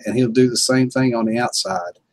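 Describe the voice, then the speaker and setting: A man's voice: medium pitch, fairly quick, dry recording, poor audio. A man hosting a casual livestream, chuckling and telling laid-back stories to viewers. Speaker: livestream host.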